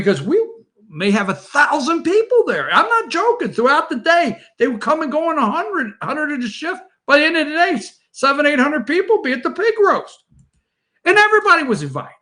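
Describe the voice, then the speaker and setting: A man's voice: extremely high pitch, sharp tone. A man hosting a morning show, telling rambling family stories over old photos and chatting straight to his viewers.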